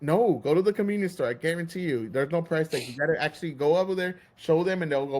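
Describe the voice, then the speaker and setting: A man's voice: on the high side, lively intonation, fast talker, hardly any pauses, darkish tone. Heated, swearing man ranting. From Texas. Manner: heated, swearing, acts out store clerks. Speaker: podcast host. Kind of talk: casual profane rant.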